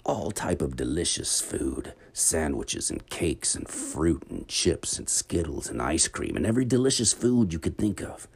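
A man narrating a children's bedtime adventure story in an expressive, dramatic read-aloud manner. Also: rumbling low, unhurried, creaky, hardly any pauses, slightly rough.

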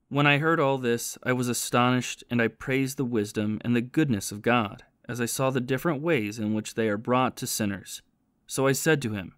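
Male narrator, calm measured reading, mid pitch, dry close sound. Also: dry recording. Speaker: audiobook reader. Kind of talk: scripted narration.

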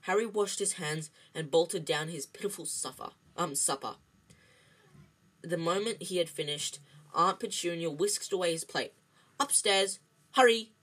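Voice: medium pitch, normal speed, a bit bright, slightly rough, low-quality recording. A reader reading a novel aloud, slipping on words, restarting and filling with ums. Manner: reads with slips, restarts and ums. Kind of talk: amateur read-aloud of a novel.

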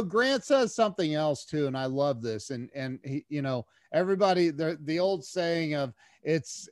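Man, podcast guest, animated storytelling, lots of restarts, dry close sound. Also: medium pitch, clean tone, dry recording. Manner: animated, many restarts and repeated words. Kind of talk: casual storytelling interview.

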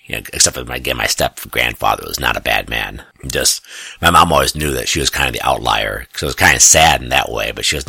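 A man's voice: a bass voice, fast, creaky, pushed and bright, husky, dry recording, clean studio sound. A middle-aged man, telling a family story in a rambling, self-correcting way, often chuckling. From US Midwest. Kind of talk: casual personal storytelling.

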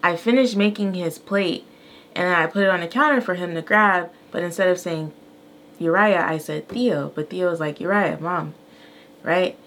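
A woman's voice: lowish voice, moderate pace. A mother co-hosting a podcast, telling an everyday story candidly and acting out quoted lines. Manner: animated, candid, acts out quotes. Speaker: podcast co-host. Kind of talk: casual storytelling.

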